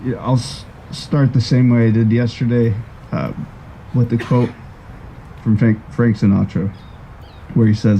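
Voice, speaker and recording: A man giving a measured, reflective eulogy for a friend at a graveside. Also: medium pitch, flat delivery, warm tone, slight background noise, low-quality recording. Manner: measured and reflective, with a few restarts. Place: outdoors at a graveside.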